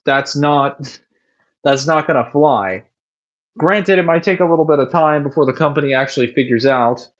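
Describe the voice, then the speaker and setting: Male streamer, casual and profane, reads chat aloud, dull lo-fi audio, mid pitch. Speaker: gaming streamer. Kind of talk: casual live-stream commentary.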